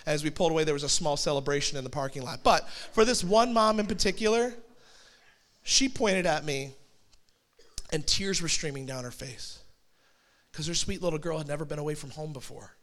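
High-voiced male pastor, conversational sermon. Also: fairly quick, a bit bright. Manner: storytelling, conversational with acted quotes and asides.

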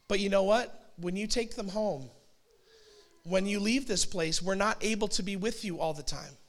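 A high, light male voice belongs to a pastor in his forties giving a sermon. He narrates it like a story, chatty and conversational, dropping in quick asides.

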